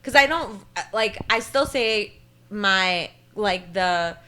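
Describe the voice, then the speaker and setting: A woman's voice: mid-range voice, animated, takes it slowly, sharp tone. A young woman from Canada co-hosting a podcast, chatting casually and peppering her talk with "like". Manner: chatty, lots of "like" fillers. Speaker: podcast co-host. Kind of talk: casual chat.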